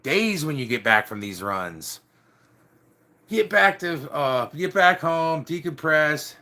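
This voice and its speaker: A man's voice: medium pitch, pushed and bright. A middle-aged man casually telling a rambling story, peppered with "dude" and "like". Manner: rambling, swears mildly, says "dude" and "like" often. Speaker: storyteller recounting biker club days.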